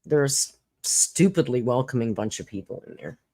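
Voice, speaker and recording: A woman's voice: extremely low pitch, expressive, normal speed, dark tone, no room sound. A woman hosting a casual livestream, chatting, laughing often and reading out viewer comments. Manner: chatty, laughs often, reads chat aloud. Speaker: livestream host.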